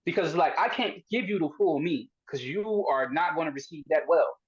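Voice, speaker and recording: A man's voice: a little high, lively intonation, normal speed, breathy edge. Male podcast host, casual chat, probing rambling questions, muffled lo-fi recording.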